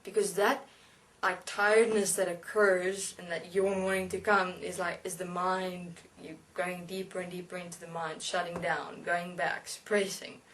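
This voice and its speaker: A woman giving a spiritual lecture as a channeled being, speaking slowly and deliberately with halting pauses. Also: lowish voice, flat delivery, a bit bright, slight background noise. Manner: slow, halting, deliberate instruction. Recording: voice distant from the mic.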